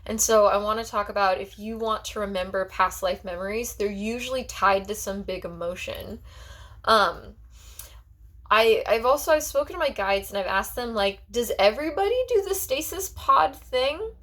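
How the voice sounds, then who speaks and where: A woman's voice: medium pitch, normal speed, fairly bright tone. A woman talking as a psychic in a personal vlog monologue. She rambles in a heartfelt way and fills her talk with "like" and restarts.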